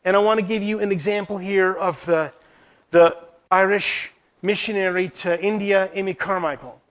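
A man's voice: sits high, a bit bright. A man giving an earnest Bible teaching to church leaders, posing rhetorical questions as he goes. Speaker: Christian teacher.

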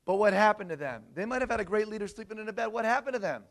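A man delivers an energetic sermon, his voice pitched notably high for a man. He tosses questions out to his listeners and drives his points home with emphasis. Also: very fast. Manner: animated, asks the audience questions. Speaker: preacher. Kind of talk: sermon to a congregation.

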